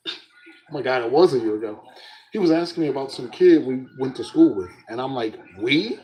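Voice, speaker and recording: A young man hosting a casual solo podcast, telling stories in an animated way and often breaking into laughs. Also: medium pitch, fairly quick, low-quality recording.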